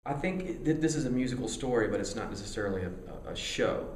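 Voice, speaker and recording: A musician being interviewed, talking candidly in a rambling, excitable way, full of stammered restarts and casual swearing. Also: male voice, mid-range voice, fast talker, reverberant.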